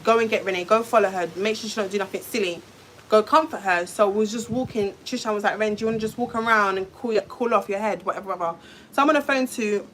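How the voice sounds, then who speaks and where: A woman's voice: on the high side, a bit bright. A young woman with a London accent, venting heatedly in a storytime vlog and swearing often. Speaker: vlogger. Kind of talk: emotional storytime rant.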